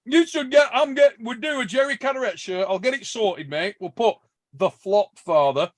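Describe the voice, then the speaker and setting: English male podcast host, high, dry voice, bantering and laughing. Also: normal speed, dry recording. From England. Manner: jokey, laughing, calls people mate. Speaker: podcast host reading super chats. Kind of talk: casual chat.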